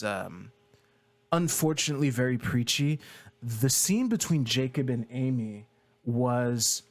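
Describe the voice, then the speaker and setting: Casual young guy from quebec, talks tv, lots of ums and swearing, mid-pitched voice. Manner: rambling and loose, heavy fillers, casual swearing. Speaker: video creator. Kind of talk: casual TV commentary.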